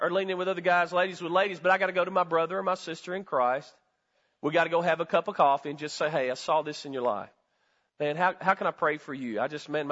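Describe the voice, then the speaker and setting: A man's voice: sits high, fairly bright tone, big-room sound, highs cut off. A male pastor giving a sermon in a conversational, folksy way, often putting questions to the congregation. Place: church sanctuary.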